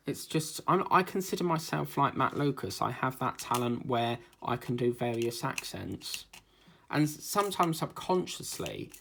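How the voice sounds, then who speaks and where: A man's voice: medium pitch, gravelly, a bit bright, a little hiss or hum. A man hosting a craft channel, chatting casually and rambling from one topic to the next with lots of fillers and jokes. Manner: chatty, digressive, jokey, with many fillers.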